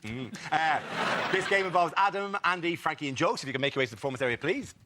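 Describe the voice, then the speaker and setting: Lively high-voiced male panel-show host. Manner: brisk, upbeat links between rounds. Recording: noisy studio with loud audience.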